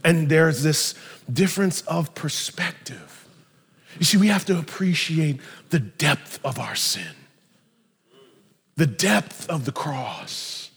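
A male pastor preaches with animated, emphatic storytelling. His voice sits high for a man, and a long reverb from a large church hall trails each phrase. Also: slow pace, gravelly, breathy edge. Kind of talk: sermon.

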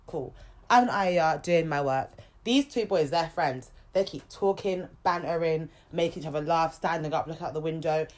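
A young woman with a deep voice co-hosts a podcast, telling a story in a casual, lively way. She swears freely and acts out other people's lines as she goes.

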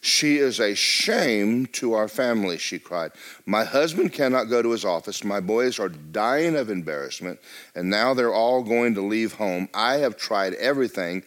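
A man's voice: on the low side, lively intonation, moderate pace, fairly bright tone. A man preaching a sermon, quoting a distraught middle-aged mother who pleads with her pastor about her daughter. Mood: pleading. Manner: pleading, complaining.

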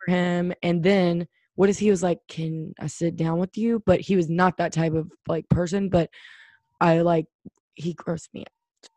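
Mellow-voiced chatty woman. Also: fairly low pitch, little pitch movement, normal speed, dry recording. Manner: chatty storyteller, frequent "like" and laughs. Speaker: podcast co-host. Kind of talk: casual chat.

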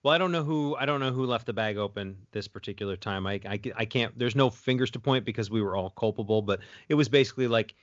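Man, casual chat co-host, rambling and halting, muffled lo-fi sound, dead dry room. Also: medium pitch, no echo. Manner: rambling, many fillers and restarts. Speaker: podcast co-host.

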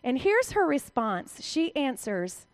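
Bright-voiced woman giving a chatty sermon. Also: high voice, big pitch swings, slow, no echo. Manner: chatty, direct asides to the audience. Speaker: Bible teacher speaking to women. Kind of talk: conversational sermon.

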